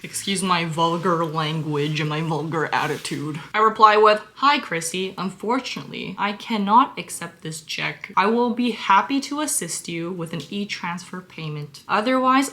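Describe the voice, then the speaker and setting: A young woman in her twenties recounts a story to her viewers in a casual vlog. Her voice is bright and forceful, animated and openly exasperated, and she swears freely, sometimes muttering asides in a whisper. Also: lowish voice, normal speed, hardly any pauses.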